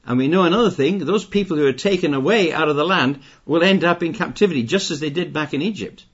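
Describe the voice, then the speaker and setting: A man's voice: on the high side, fast talker, fairly bright tone, husky. An older man preaching a sermon, stressing key points by repeating phrases and raising his voice on them. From Britain. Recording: dull lo-fi recording.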